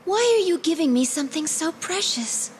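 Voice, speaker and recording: A woman's voice: high voice, fairly quick, a little mellow, slight background noise, natural voice. A woman voicing a proud young valkyrie warrior princess in a game, speaking in a formal, archaic and stern manner. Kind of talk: game voice acting.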